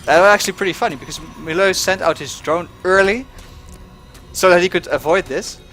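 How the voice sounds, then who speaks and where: A man's voice: high voice, a little fast, fairly bright tone, faint music behind. A man giving casual commentary on a strategy game match, with lots of fillers, restarts and small chuckles. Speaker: game caster.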